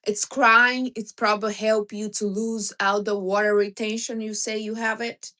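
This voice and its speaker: Woman, livestream host, casual chat, blunt and teasing, mid pitch. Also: little pitch movement, normal speed, sharp tone. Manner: blunt, teasing advice with non-native grammar.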